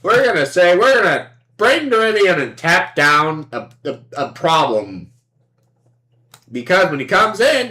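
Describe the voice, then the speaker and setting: A woman streamer with a lowish, slightly bright voice gives casual commentary on a card game. She is playful and sarcastic, acts out both sides of the table, and swears freely.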